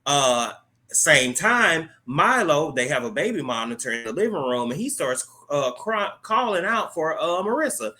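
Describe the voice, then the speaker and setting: A man's voice: on the high side, sing-song, moderate pace, pushed and bright. A man hosting his own channel, casually recapping a TV episode in a slangy, joking way as he retells the plot's dialogue.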